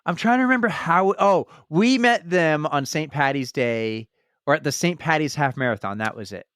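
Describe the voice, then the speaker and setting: A man's voice: a little high, expressive, normal speed, fairly bright tone, clean tone, no echo, studio quality. A man hosting a podcast, chatting casually and enthusiastically with his guest. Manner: enthusiastic, friendly questioning. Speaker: podcast host. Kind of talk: casual chat.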